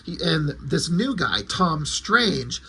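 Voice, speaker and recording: A man casually reviewing a comic, excited and rambling as he retells the story. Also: on the high side, takes it slowly, slight background noise.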